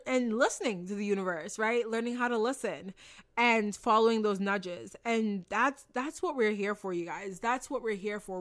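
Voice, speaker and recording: A young woman giving an earnest, animated motivational talk, casual and repeating phrases for emphasis, swearing now and then. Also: mid-range voice. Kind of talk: motivational monologue.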